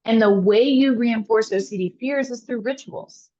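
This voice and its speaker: A woman therapist answering interview questions, telling stories in an animated way and speaking straight to her listeners. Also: on the high side, normal speed. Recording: slightly dull lo-fi audio.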